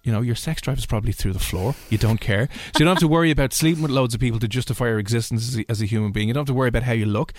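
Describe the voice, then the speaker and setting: A man's voice: medium pitch, rapid-fire, few pauses, dry recording. A man with a Dublin Irish accent, hosting a casual radio chat and telling stories in a chatty way. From Ireland. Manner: chatty storyteller, mimics people he describes. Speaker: radio host.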